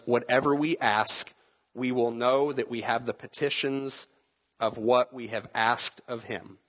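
A man's voice: a little high, fairly bright tone, husky. A man preaching a sermon in a conversational way, asking the listeners questions and acting out quotes. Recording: long hall reverb.

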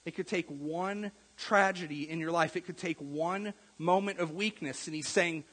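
A man preaching a sermon as a pastor, earnest, getting louder on key points and then dropping soft. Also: a little high, moderate pace, slightly rough. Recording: long echo of a large hall.

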